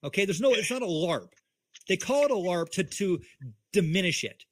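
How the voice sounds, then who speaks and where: A man's voice: high voice, expressive, normal speed, slight background noise. A man in a heated livestream chat on a video call, talking in an angry, emphatic, profane way. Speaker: co-host.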